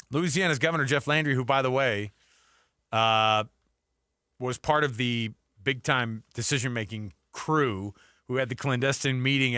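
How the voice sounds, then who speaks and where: Male sports talk host, joking, bright tone, dry studio sound. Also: medium pitch, no room sound. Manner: joking, wry, reads quotes aloud in mock voices. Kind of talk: casual sports radio banter. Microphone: studio microphone, dry.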